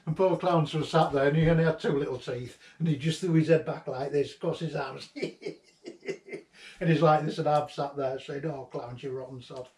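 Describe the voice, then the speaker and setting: A man's voice: fairly high pitch, steady tone, moderate pace, darkish tone. A man, fondly recalling a late friend in a rambling, chuckling way. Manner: fond, chuckling, loosely ordered storytelling. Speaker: vlogger sharing memories of a late friend. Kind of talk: rambling personal reminiscence. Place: inside an old house being cleared. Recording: roomy, distant mic, faint background noise.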